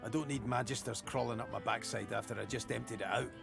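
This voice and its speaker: A furtive male tavern patron in a video game, speaking low and hushed in a heavily gravelly voice, with music clear behind him. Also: steady tone, fast talker. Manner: hushed, shushing.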